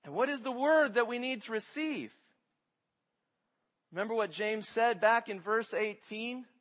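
A man's voice: very high-pitched, a little slow, fairly bright tone, long reverb tail, dull audio. A man pastor preaching a sermon, teaching his congregation with rhetorical questions.

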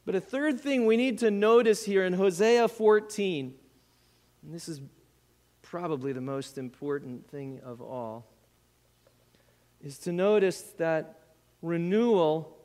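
A man's voice: fairly high pitch, takes it slowly, long pauses, a little mellow, long reverb tail. A man preaching a sermon as pastor, earnest and building to impassioned appeals, at times dropping almost to a whisper.

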